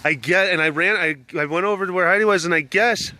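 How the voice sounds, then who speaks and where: A young man tells a story in a bright, forceful voice that sits a little high. He rambles along casually, with restarts, and acts out the other people in the story as he goes. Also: fast. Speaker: vlogger with big cats.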